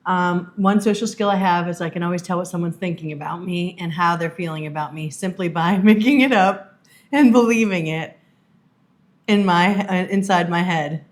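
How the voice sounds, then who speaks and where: Bubbly, teasing female co-host, casual chat, slightly low pitch. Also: normal speed. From Massachusetts. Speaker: podcast co-host.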